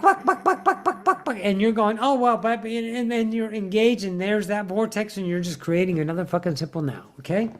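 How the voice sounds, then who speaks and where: A woman giving a spiritual teaching monologue in a blunt, profane manner, repeating words for emphasis. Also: mid-range voice.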